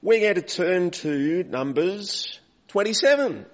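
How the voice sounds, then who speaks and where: A man with a high-pitched voice and lively intonation speaks slowly as he gives an interactive sermon in church. He keeps it conversational, questioning the congregation and asking for volunteers, in a dull recording with long hall reverb.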